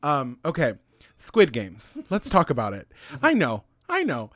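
A man's voice: a little high, wildly swooping pitch, a little slow, a bit bright, no echo, studio quality. A man in his late twenties co-hosting a casual podcast, giddy and joking, swearing a lot. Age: 20s. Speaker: podcast co-host.

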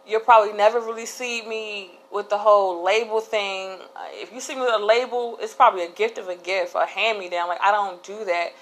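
A woman's voice: mid-range voice, steady tone, brisk, few pauses, fairly bright tone, rough recording. A woman hosting a casual solo podcast, talking candidly in a rambling way with frequent restarts. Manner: candid, rambling, laughs between thoughts. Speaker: podcast host.

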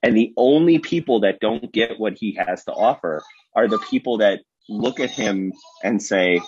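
A man's voice: fairly low pitch, moderate pace, darkish tone, breathy edge, no echo. A man, a guest pastor, talking animatedly in a casual podcast discussion and acting out quotes as he tells a story, in a slightly muffled lo-fi recording.

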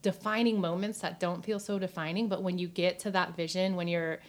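A woman's voice: fairly low pitch, steady tone, a little fast. A woman talking earnestly about her faith in a casual podcast chat, with many "like" fillers, at times near tears. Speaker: podcast guest.

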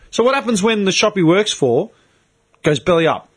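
A man's voice: high-pitched, very animated, moderate pace, breathy edge. A man, ranting bluntly and swearing in a casual chat as host.

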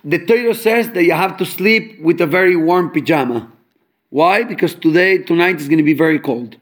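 Brief: male Torah teacher, high pitched, lively, homely examples, Hebrew terms sprinkled in. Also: moderate pace. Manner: animated, explains with homely examples; mixes English with Hebrew and Yiddish terms. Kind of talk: fabrengen talk on Chassidic teachings.

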